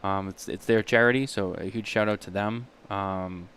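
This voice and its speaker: A man co-hosting a podcast in casual chat, halting and full of restarts and fillers. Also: fairly low pitch, steady tone, a bit bright, clear, resonant tone. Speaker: podcast co-host.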